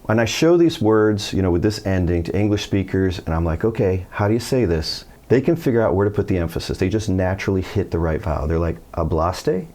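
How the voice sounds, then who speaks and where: A middle-aged American man teaching a Spanish lesson in English, telling stories and acting out quoted speakers with lively pitch jumps. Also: quick pace, hardly any pauses. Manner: animated storytelling, acts out quoted voices. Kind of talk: video lesson.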